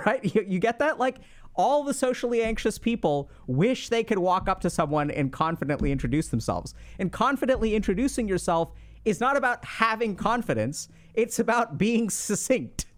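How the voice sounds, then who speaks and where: A man's voice: high voice, very animated, moderate pace. A young man talking casually as a podcast host, giving advice in a chatty way with lots of fillers and acted-out quotes.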